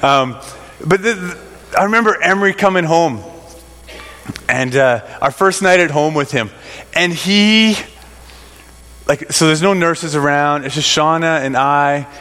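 A man's voice: fairly high pitch, measured pace, pauses often, sharp tone. A middle-aged man telling a rambling personal story to a congregation, full of fillers and restarts. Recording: long reverb of a large hall.

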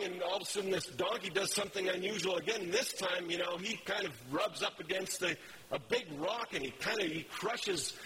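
A man's voice: sits high, poor audio. A man giving a casual, rambling sermon, with many fillers and self-corrections as he talks through slides. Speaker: preacher.

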